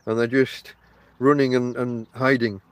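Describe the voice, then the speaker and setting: A man's voice: mid-range voice, flat delivery, a little slow, dry recording. Chatty Northern English man, dry close sound. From Barnsley, South Yorkshire, England. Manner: chatty, addresses listeners directly, many fillers. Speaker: podcast host. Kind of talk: casual rambling monologue. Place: inside a tent outdoors.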